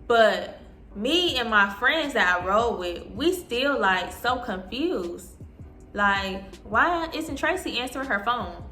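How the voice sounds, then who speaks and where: A young woman in her twenties telling an animated storytime, acting out what people said. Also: fairly high pitch, slow pace. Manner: animated, acting out quotes in voices. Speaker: vlogger. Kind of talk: storytime vlog. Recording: echoey room with soft music. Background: soft background music.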